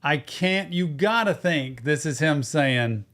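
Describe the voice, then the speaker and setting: Guy, excitable reaction chat, kinda higher voice, drags out his oh my goodness bits. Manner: excitable, drawn-out exclamations. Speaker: co-host of a music reaction show.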